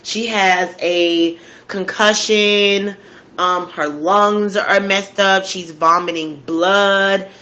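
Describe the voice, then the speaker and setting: A woman's voice: medium pitch, steady tone, extremely slow, bright, forceful tone, highs cut off. A woman casually recapping a true-crime story while eating, in a slangy, conversational way. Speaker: storytelling host.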